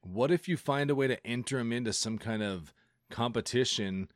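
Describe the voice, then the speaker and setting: Laid-back laughing podcast co-host. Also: male voice, medium pitch, normal speed, dry recording, clean studio sound. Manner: laughs often, easygoing. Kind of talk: casual chat.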